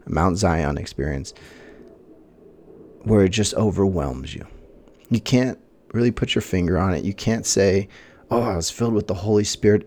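Low gravelly guy telling a personal story, halting and earnest, kinda husky voice. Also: a little mellow. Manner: earnest, halting, with frequent restarts; reflective and emotional about faith. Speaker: podcast host.

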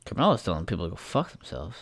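A man's voice: low voice, very animated, very fast, vocal fry, no room sound. A man in casual podcast chat, loose and joking, swearing freely.

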